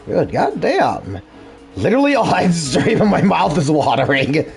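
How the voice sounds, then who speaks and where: Chatty streamer guy, kinda high voice, bounces all over, game music faint in back. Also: wildly swooping pitch, moderate pace, gravelly. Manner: chatty, rambling, easily sidetracked. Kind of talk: casual gameplay commentary.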